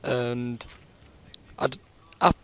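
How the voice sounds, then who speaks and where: A man's voice: mid-range voice, very slow, fairly bright tone, smooth, no echo. A British man with a sore throat, telling a long rambling story in casual chat over his gameplay. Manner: rambling, chatty, full of fillers. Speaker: gaming commentator.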